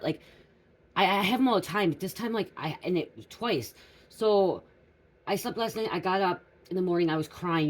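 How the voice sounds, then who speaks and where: A woman's voice: low-pitched, low-quality recording. A woman, a psychic reader with school-age daughters, talking casually and rambling through a spiritual reading, often restarting and checking in with "okay?" and "you guys". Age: adult parent of school-age daughters.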